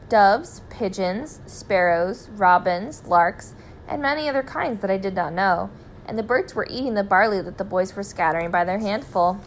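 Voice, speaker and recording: A woman reading a children's story aloud in a clear, expressive way. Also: medium pitch, slight background noise, low-quality recording.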